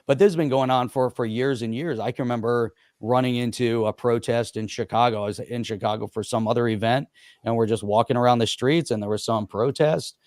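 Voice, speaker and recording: A man's voice: mid-range voice, a little fast, a little mellow, dry recording, clean studio sound. A man hosting a casual political podcast chat, giving short agreements and then stating his opinions plainly. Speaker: podcast host.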